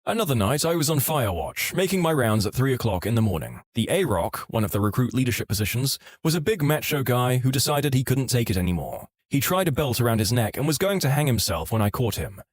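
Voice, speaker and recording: Man reading online stories aloud; wry, lively delivery, mid pitch, dry close sound. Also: fairly quick, hardly any pauses, dry recording. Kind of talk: scripted narration of online stories.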